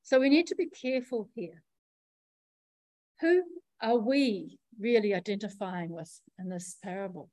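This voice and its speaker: A woman preacher giving a sermon in a measured, reflective teaching manner, pausing often as she explains. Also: medium pitch, darkish tone, no echo, poor audio.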